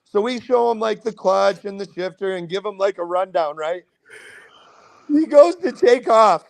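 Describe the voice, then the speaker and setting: A man's voice: moderate pace, creaky, no room sound. A man with a Midwestern American accent, telling a wild story casually on a podcast and acting out everyone's lines with big jumps in his voice. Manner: animated, profane, acts out quotes with big pitch jumps. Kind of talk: casual storytelling among friends.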